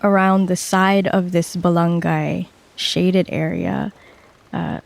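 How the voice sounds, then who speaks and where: A player slowly narrating their character's actions in a tabletop game, with descriptive detail. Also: medium pitch, creaky. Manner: slow, descriptive.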